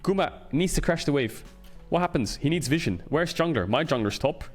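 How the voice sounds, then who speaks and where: A man streaming game commentary, ranting and swearing as he breaks down plays and hammers points home through repetition. His voice sits a bit high for a man, and faint music plays underneath. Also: animated, a little fast. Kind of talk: casual gameplay commentary.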